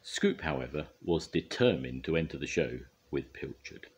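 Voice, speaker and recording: An older man reading a children's storybook aloud in a gentle, expressive way. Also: extremely low pitch, moderate pace, a little hiss or hum.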